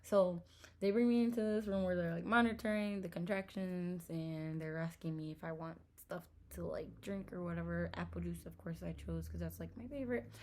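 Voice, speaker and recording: A young woman, casually telling her labor story in a vlog, animated and exasperated, full of "like". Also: on the low side, moderate pace, slight background noise. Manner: animated, exasperated retelling with lots of "like".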